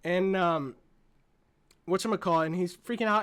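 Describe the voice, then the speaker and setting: High-voiced excitable man ranting about a movie. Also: normal speed. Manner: excitable, profane, rambling retelling. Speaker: movie reviewer. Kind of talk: casual movie review vlog.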